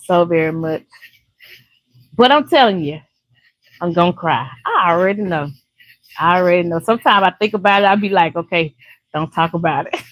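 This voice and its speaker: A woman's voice: on the low side, lively intonation, normal speed, pauses often, no room sound, low-quality recording. Older lady from louisiana gabbing on a livestream, laughs a bunch, dry sound. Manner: chatty, laughs often, warm folksy talk. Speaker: YouTube live streamer. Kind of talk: casual chat to live viewers.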